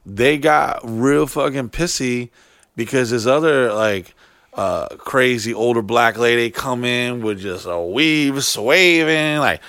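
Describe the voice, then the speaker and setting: A man and touring artist telling backstage stories in casual chat, profane and animated, putting on high mocking voices when he quotes people. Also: slow pace, dry recording, studio quality. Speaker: touring artist, podcast co-host.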